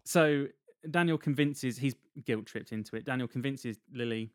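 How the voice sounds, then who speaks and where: A male podcast co-host casually recaps a film's plot, chatting with dry humor and laughing often. His voice is medium in pitch at a moderate pace, with no echo in the recording.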